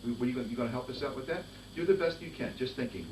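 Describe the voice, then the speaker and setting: Teaching a master class with a band in a rehearsal room, a man of medium pitch explains rhythms by singing them in nonsense syllables and gives quick instructions. Captured by a far-off recorder, the sound is noisy and full of room echo.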